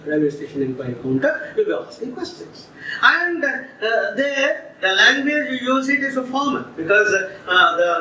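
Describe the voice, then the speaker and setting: A man's voice: high voice, sharp tone, a little hiss or hum. A man teaching a class, explaining step by step with frequent repetitions and hesitations. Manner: explains slowly with repetitions and many fillers. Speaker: English teacher. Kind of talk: classroom lecture. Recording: echoey room from some distance.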